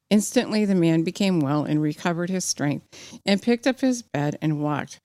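A woman with a lowish, mellow, expressive voice gives a fervent personal sermon at a moderate pace, exhorting the congregation and rising to emphatic climaxes. She reads passages of scripture aloud with occasional slips, and the recording is dry.

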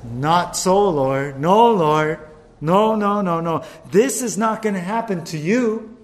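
A man voicing an anxious male disciple who protests loudly and insistently. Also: high voice, normal speed, close to an everyday voice. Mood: protesting.

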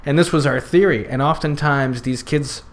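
A man's voice: a little high, moderate pace. A man guest on a podcast, chatting casually and rambling with lots of fillers and restarts. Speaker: podcast guest, youth circus worker. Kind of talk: casual chat.

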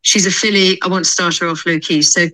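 A woman racehorse trainer being interviewed on a podcast, explaining her plans in a thoughtful, measured way. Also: on the low side, fairly even intonation, sharp tone, rough recording.

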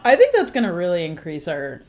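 A woman with a lowish voice chats easily as a podcast co-host. Her humor is dry and she laughs often as she talks. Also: huge pitch swings, fairly quick. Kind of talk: casual chat.

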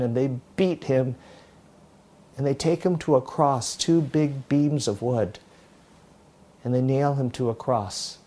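Male preacher, warm and mellow, dramatic storyteller in a sermon. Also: on the high side. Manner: storytelling, dramatic retelling with many restarts. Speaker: pastor.

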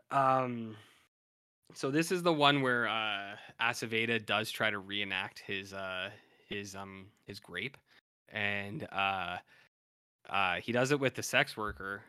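A podcast co-host with a fairly low-pitched voice, pushed, bright, clear, and resonant, casually recaps a TV episode. He rambles, uses lots of fillers, and paraphrases quotes loosely.

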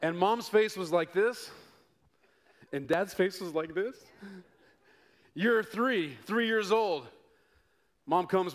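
A middle-aged man from Denver preaching a sermon to his congregation, telling stories with playful asides and mounting excitement. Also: high voice, takes it slowly, pauses often. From Denver, United States. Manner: animated storytelling with rising excitement and playful asides. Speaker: pastor.

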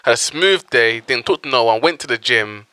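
A young man talks in a loose, blunt way, swearing often as he makes his points. His voice is bright and forceful. The sound is dry and close. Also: medium pitch, normal speed, clean tone, dry recording. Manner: blunt, swears a lot, animated storytelling. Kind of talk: casual chat.

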